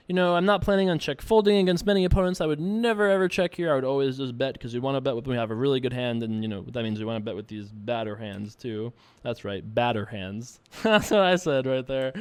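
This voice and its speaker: A man's voice: fairly high pitch, darkish tone, clear, resonant tone, no room sound. A man casually commentating his own online poker session, thinking aloud and joking at himself.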